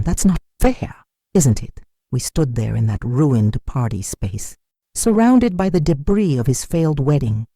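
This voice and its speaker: A woman narrates a first-person story at a slow, measured pace. Her tone is mellow and somber, and her pitch moves a lot. The recording is close and dry. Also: no room sound.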